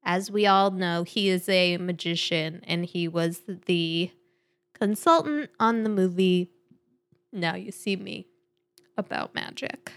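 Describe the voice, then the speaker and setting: A woman hosting a casual podcast chat, easygoing and quick to laugh. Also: on the low side. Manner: giggly, easygoing, laughs often. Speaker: podcast host. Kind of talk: casual chat about crossword puzzles.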